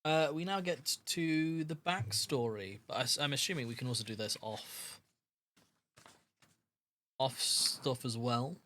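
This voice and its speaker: Bright-voiced man explaining game rules. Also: mid-range voice, unhurried, slight background noise. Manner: hesitant, lots of ums. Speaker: game master.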